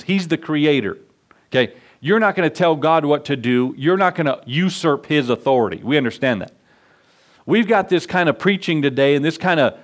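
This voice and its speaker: A man preaching a sermon in a church, telling stories and acting out the people in them. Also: on the high side. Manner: animated storytelling preacher, acts out voices. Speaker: pastor. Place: church sanctuary.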